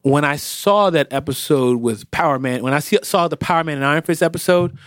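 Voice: medium pitch, fairly quick, a bit bright, dry recording, clean studio sound. A co-host chatting casually about TV shows, who slips into voices when quoting characters. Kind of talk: casual chat.

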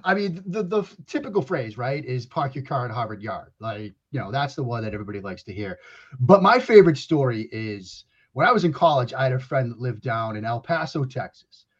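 A man's voice: medium pitch, big pitch swings, a little fast, husky. A man in his forties from Waltham with a Boston accent, a guest chatting casually on a podcast and telling stories with frequent restarts. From Waltham, Massachusetts. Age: 40s. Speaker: guest analyst. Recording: lo-fi remote audio.

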